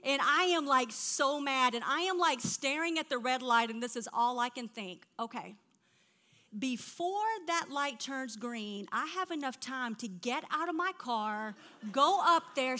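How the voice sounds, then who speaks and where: A middle-aged woman preaching a sermon, telling stories in an animated way that drops to a hush and rises to loud outbursts. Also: sits high, measured pace. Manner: animated storytelling, swings from hushed to loud.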